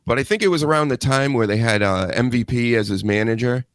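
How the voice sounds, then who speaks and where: A man's voice: mid-range voice, fast talker, dry recording, clean studio sound. A man hosting a live show, chatting loosely and joking, with casual swearing. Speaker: host.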